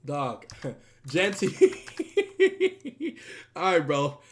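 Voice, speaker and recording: A man's voice: fairly high pitch, wildly swooping pitch, extremely slow, a little hiss or hum. A young man streaming casually, talking sports in heavy slang and laughing often. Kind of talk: casual livestream commentary.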